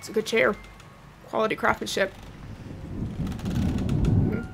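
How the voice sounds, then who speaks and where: A jumpy woman narrates a horror game in casual let's-play commentary, nervous, talking to herself, and joking to cope. Her voice is on the high side with a level tone, a measured pace, and vocal fry. The recording is very noisy, with game music playing behind her.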